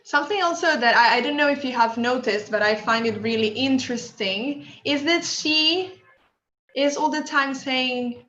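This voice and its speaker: Higher female instructor, Spanish native speaking English, roomy lo-fi video call. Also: animated, normal speed, a bit bright. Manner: encouraging, asks the group questions. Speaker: workshop instructor. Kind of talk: online workshop teaching. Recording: echoey room, dull lo-fi audio.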